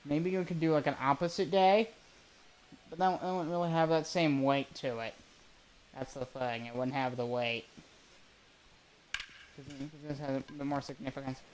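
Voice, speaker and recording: A man's voice: on the high side, steady tone, normal speed, pauses often, a little mellow, rough recording. Chatty man calling a baseball game. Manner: rambling, self-correcting, chatty. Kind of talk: casual play-by-play with rambling asides.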